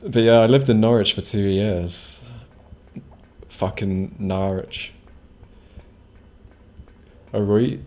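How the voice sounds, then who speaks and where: A man's voice: fairly low pitch, slow pace, pauses often, warm tone. A man streaming a game live, rambling casually, swearing freely and chatting with his viewers. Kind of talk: casual live gameplay commentary.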